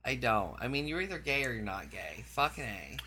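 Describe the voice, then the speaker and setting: A woman hosting a crude casual chat, brash and profane, gossiping loudly and short on sleep. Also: extremely low pitch, very animated, a little fast, slight background noise. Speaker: show host.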